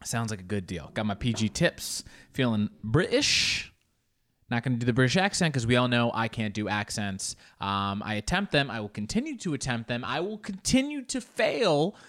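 A man's voice: fairly quick, hardly any pauses. Rambling, self-mocking male comedian podcaster. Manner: rambling, joking and self-mocking, with frequent swearing; animated, with sudden jumps up in pitch for emphasis. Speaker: comedian hosting his own podcast. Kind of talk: casual solo podcast monologue.

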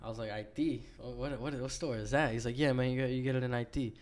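A man's voice: medium pitch, steady tone, quick pace, darkish tone. Slangy young man telling stories. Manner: laid-back storytelling, heavy profanity, slangy. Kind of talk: casual chat.

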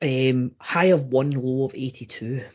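A man's voice: mid-range voice, unhurried, a little mellow. A man co-hosting a casual podcast, stammering and restarting his sentences often. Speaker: podcast co-host. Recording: dull lo-fi audio.

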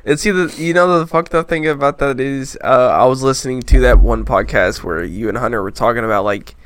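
A man's voice: medium pitch, fairly quick, a bit bright, clear, resonant tone. A man chatting on a comedy podcast, laid-back and agreeable. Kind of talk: casual comedy podcast chat.

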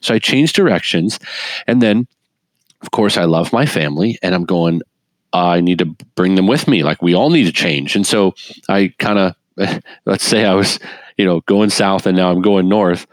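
A middle-aged man speaking as an interview guest, telling his story in an earnest, animated way with frequent laughs and restarts. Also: low-pitched, moderate pace, no echo. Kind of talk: earnest conversational testimony.

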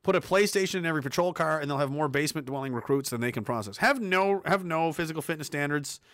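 A man from Canada tears into the news on his own commentary show, swearing freely and dripping sarcasm. His voice is bright and a little high, and it sounds close and dry with no room around it. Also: fast, no echo. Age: adult, ex-soldier. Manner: profane, sarcastic, heated. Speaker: commentary host. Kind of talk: ranting political commentary.

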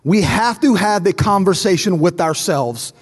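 High-voiced man preaching in a hall. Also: animated, moderate pace. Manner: preaching with rising, fervent repetition; storytelling, acting out dialogue. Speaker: pastor. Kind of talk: sermon. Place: large church auditorium. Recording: long reverb of a large hall.

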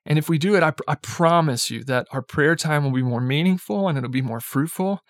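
A young man delivers a casual, chatty sermon in a slightly higher voice, sprinkling in "like" and "right?" and chuckling lightly as he goes. The sound is close and dry. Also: fairly quick, dry recording. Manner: conversational, peppered with "like" and "right?"; chuckles lightly while speaking. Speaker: preacher.

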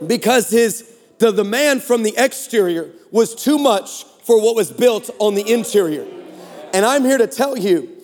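A man in his forties delivers a comedic sermon, his voice sitting high and lively. He tells his stories with sarcasm and playful energy. The sound rings out through a large church hall with a long echo. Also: unhurried. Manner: animated, sarcastic, joking. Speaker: guest preacher.

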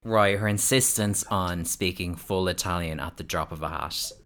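A woman co-hosting a casual chat podcast, animated, laughing often and mimicking quotes. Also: rumbling low, moderate pace. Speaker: podcast co-host.

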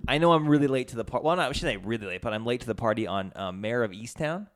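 A man's voice: mid-range voice, expressive, fast. A man co-hosting a casual podcast, rambling and swearing as he chats. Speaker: podcast co-host. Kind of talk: casual chat.

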